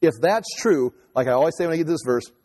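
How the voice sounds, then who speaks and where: A man's voice: fairly high pitch, lively intonation, quick pace, darkish tone, in a large hall. A man preaching a sermon as pastor, talking conversationally and joking at his own expense. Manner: conversational, self-mocking humor.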